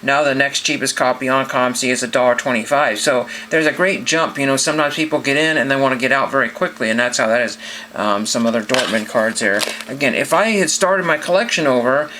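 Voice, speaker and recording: A man's voice: medium pitch, fairly quick, bright, forceful tone, slight background noise. A man hosting a card collecting channel, rambling casually with many fillers as he browses listings. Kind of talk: casual screen-share vlog.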